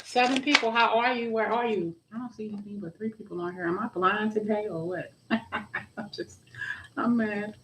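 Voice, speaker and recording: A woman's voice: medium pitch, steady tone, fast, few pauses, background noise. A woman hosting a live tarot stream, chatting casually and greeting viewers by name, with frequent restarts.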